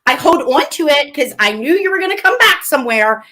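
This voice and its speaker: A woman's voice: high-pitched, big pitch swings, a little fast, sharp tone, full character voice. A woman playing a melodramatic, weepy reality-TV woman in a live comedy parody, whiny and swinging into mock tears. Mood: dramatic.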